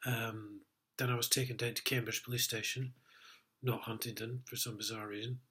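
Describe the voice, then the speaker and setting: A man's voice: mid-range voice, little pitch movement, normal speed, pushed and bright. A middle-aged man, telling his own story in a sweary, aggrieved, rambling way, full of ums. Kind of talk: casual personal account.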